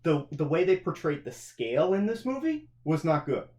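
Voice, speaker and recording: A man's voice: a little high, sing-song, normal speed, warm tone, reverberant. A man hosting a casual film review chat, prodding with questions, adding trivia and conceding points. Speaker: podcast host, film reviewer.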